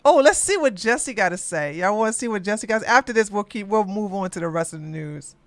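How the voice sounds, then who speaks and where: A podcast host reading news headlines aloud and reacting with loud exclamations and asides. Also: medium pitch, lively intonation, brisk, no echo. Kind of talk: live news commentary.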